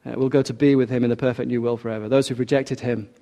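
A man delivers a sermon in an earnest, measured way. His voice is warm and mellow, and he slows down to let the key lines land. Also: medium pitch, flat delivery. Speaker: preacher.

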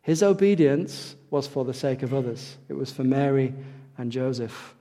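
A man preaching a sermon, swinging between raised emphasis and quiet, hushed lines, often questioning his congregation. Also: mid-range voice, normal speed. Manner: animated, rises for emphasis and drops to a hush, asks the audience questions. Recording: long hall reverb.

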